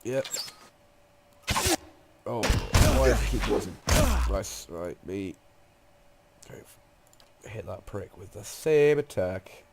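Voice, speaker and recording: A man's voice: lowish voice, animated, slow, vocal fry, pauses often, background noise. A man with a cold giving casual, profane gameplay commentary, sounding nasal and muttering to himself. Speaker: let's play gamer.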